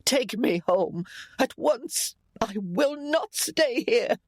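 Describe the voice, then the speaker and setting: A woman's voice: sing-song, normal speed, no room sound, studio quality. A man voicing a haughty, domineering elderly noblewoman in an audiobook, speaking in a cold, imperious way. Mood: shrill. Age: older. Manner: cold, imperious, rising to shrill shrieks. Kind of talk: audiobook character voice.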